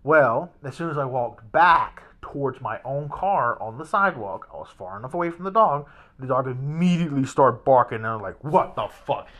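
Rambling man with a bright voice. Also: mid-range voice, animated, brisk. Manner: rambling, with many restarts and fillers. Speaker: vlogger. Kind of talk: casual rambling storytelling. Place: hotel room.

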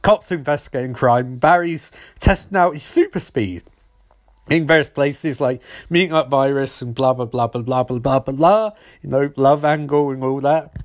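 A man's voice: medium pitch, normal speed, dry recording, studio quality. A man casually recapping a TV episode with rambling, sarcastic asides.

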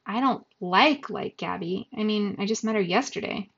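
A woman voicing a quick-witted middle-school boy who answers in a dry, playfully deadpan way. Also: mid-range voice, slightly rough. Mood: relieved. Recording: dull lo-fi recording.

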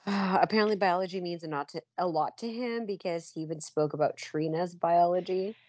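A woman's voice: on the low side, normal speed, darkish tone, no room sound. A woman co-hosting a podcast in casual chat, laughing often and reacting briefly. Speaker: podcast co-host.

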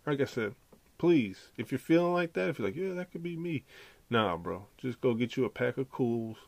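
A man hosting a podcast, delivering an animated, profane, slangy casual rant. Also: medium pitch, normal speed, creaky. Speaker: podcast host.

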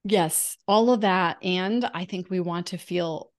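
A woman's voice: fairly low pitch, takes it slowly. A woman who is a guest on a podcast, speaking in a reflective way and feeling her way toward the right words. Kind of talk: conversational podcast chat.

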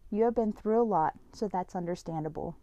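A woman reading a story aloud, voicing a gentle, affectionate grandmother speaking soothingly. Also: mid-range voice, a little fast, dry recording, highs cut off, lightly acted.

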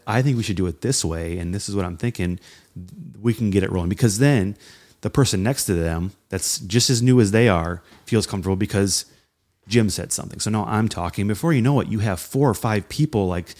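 A man co-hosting a casual talk on leadership, animated and often acting out what people say. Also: sits low. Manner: animated, acts out quoted voices. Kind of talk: casual conversation about leadership.

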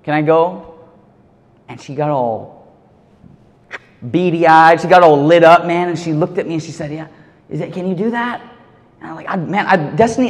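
A man giving a sermon, telling a story in a casual, animated way full of slang. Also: a little high, moderate pace. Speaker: youth pastor. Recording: long hall reverb.

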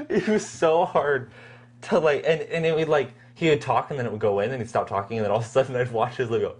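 Animated young podcast co-host. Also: mid-range voice, fast, a little hiss or hum. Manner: animated storyteller, acts out lines. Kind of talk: casual movie review chat.

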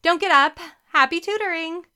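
A woman's voice: extremely high pitch, normal speed, sharp tone, pitched above the performer's own voice, full character voice. A woman voicing a giggly twelve-year-old girl with a crush, gushing and breathless. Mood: flustered.

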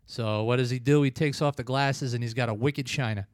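A man's voice: mid-range voice, fairly even intonation, fairly quick, no echo, studio quality. A man in his thirties casually reviewing an old film, rambling and acting out the scenes in voices. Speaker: podcast co-host. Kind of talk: casual movie-review chat.

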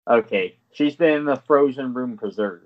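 A man's voice: mid-range voice, moderate pace. A man running a tabletop game as game master, prompting the players with brief questions. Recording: muffled lo-fi audio.

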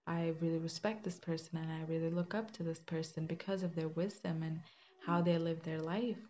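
Over a slightly muffled recording with faint background hiss, a young woman gives a reflective testimony about her faith, earnest and chatty with fillers and restarts. Her low, mellow voice holds a steady tone and moves fairly quickly.

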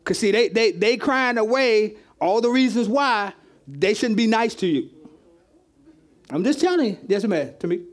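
A group facilitator who keeps affirming speakers and adds lively remarks. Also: mid-range voice, normal speed. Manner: affirming, lively, often chiming in.

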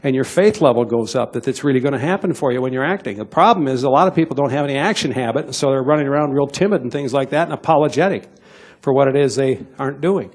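A man's voice: medium pitch, fast, slightly rough. A middle-aged man giving a punchy, direct motivational sales talk to an audience, coaxing them and acting out little sales dialogues. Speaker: sales trainer.

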